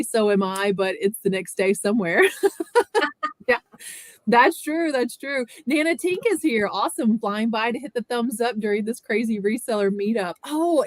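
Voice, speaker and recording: A woman's voice: medium pitch, no echo. A woman hosting a casual livestream chat, greeting viewers by name in a chatty way. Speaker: livestream host.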